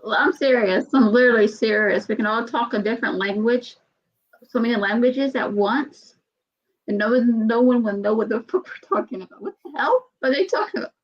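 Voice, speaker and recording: A woman hosting a casual chat, playful and quick to laugh, swearing casually. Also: a little high. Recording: dull lo-fi sound.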